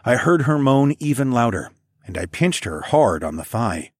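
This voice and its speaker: A man narrating a first-person story in a low, measured, intimate way. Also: big pitch swings, dry recording, studio quality.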